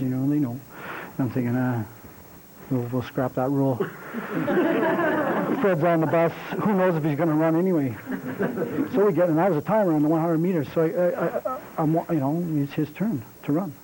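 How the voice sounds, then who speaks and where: A man's voice: medium pitch, dark tone, slight background noise, poor audio. A man, a coach, telling a rambling, folksy story to a group, with many restarts. He speaks with a Canadian accent. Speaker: coach giving a talk. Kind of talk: storytelling speech.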